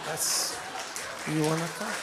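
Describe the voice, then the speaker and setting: Comic, male, high lively voice, live stage mic with noise behind. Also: slow pace, a loud crowd. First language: Portuguese. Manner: animated storytelling, acts out voices, shouts for punchlines. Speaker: stand-up comedian. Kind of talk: stand-up comedy set. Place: theater stage before a live audience.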